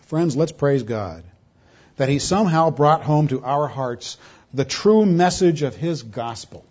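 Speaking a little slowly, this man preaches in a fairly high, slightly mellow voice with lively intonation. He's emphatic, poses rhetorical questions and alters his pace to drive points home, all on a dull lo-fi recording.

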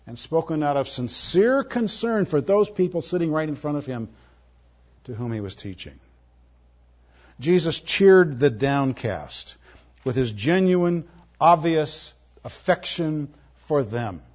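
A man preaching a sermon, moving between emphatic, forceful lines and soft, tender ones. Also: mid-range voice. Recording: muffled, lo-fi audio.

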